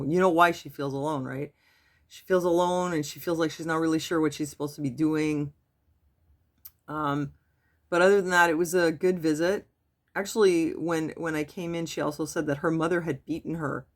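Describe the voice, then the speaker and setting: Soft-spoken woman vlogging. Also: low-pitched. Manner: soft, halting, with many restarts and fillers. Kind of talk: casual personal update to camera. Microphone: webcam.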